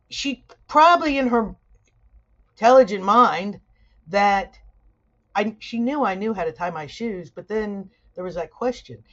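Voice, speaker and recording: A middle-aged woman teaching sociology in a conversational video lecture, weaving personal stories with lively asides. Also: medium pitch, highs cut off. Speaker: sociology instructor.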